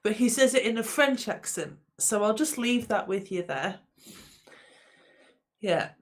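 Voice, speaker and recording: A woman's voice: mid-range voice, lively intonation, unhurried. A woman co-hosting a casual podcast chat, teasing and laughing often. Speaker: podcast co-host.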